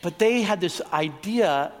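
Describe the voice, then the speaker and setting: A man's voice: high-pitched, animated, unhurried. A man from Oregon preaching his testimony to a live audience, storytelling earnestly with asides to the crowd. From Oregon, USA. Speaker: evangelist preacher. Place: large hall with an audience. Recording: long reverb from a large hall.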